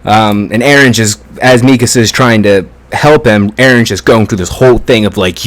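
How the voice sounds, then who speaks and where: A man giving a casual spoken review of an anime episode, excitable and profane, retelling scenes with plenty of fillers. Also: fairly low pitch, normal speed, few pauses.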